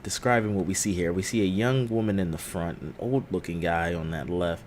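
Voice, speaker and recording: A man's voice: low-pitched, fairly even intonation, fairly quick, slight background noise. An American man co-hosting a casual live stream, playful and teasing, breaking into goofy voices. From United States. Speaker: podcast co-host.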